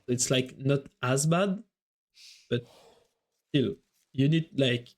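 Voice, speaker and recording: A man with a French accent, French his first language, doing live chatty commentary on a strategy game while answering his viewers. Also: mid-range voice. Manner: chatty, thinks aloud, quick reactions to the match. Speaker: esports caster and streamer.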